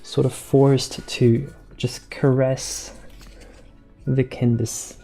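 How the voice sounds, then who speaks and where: Male painter host, relaxed live-stream chat, mellow gravelly voice, unhurried delivery, faint music underneath. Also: mid-range voice. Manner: soft-spoken, slow, repeats words while painting.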